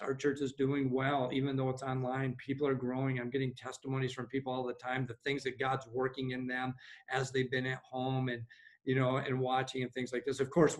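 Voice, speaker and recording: A man, a pastor, in a relaxed and upbeat conversation over a video call, with many fillers. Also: medium pitch, low-quality recording.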